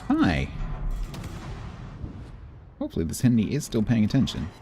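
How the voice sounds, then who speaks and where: Low-voiced man streaming a game. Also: normal speed, darkish tone, faint music behind. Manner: chatty, muttering, playful sound effects. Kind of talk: live gameplay commentary.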